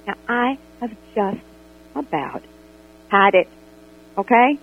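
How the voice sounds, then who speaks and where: A woman calling in to a radio show by phone, telling a story in an animated, exasperated way. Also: fairly high pitch, slow. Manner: animated, exasperated retelling with quoted dialogue. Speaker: radio caller. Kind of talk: call-in storytelling about a friend. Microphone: telephone. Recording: tinny phone line on radio.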